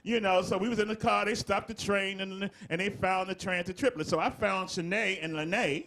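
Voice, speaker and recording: A man's voice: sits high, fairly even intonation, moderate pace, fairly bright tone. A middle-aged man from the Southern United States, a comedy writer chatting in an interview and telling stories with frequent laughter. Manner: laughing storyteller, breaks into laughter. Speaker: comedy writer and show creator. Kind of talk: casual interview chat.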